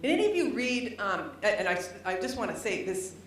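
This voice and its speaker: A middle-aged woman giving a public lecture to an audience, animated and humorous, at times rising almost to a shout. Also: medium pitch, a little fast, a little hiss or hum. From United States. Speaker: lecturer, former governor. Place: library lecture hall. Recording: very echoey hall, voice from some distance.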